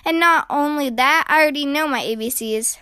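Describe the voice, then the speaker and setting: A woman voicing a quick-tempered young girl bear cub in a storybook, with lively, indignant outbursts. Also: sits high, no echo. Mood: spirited.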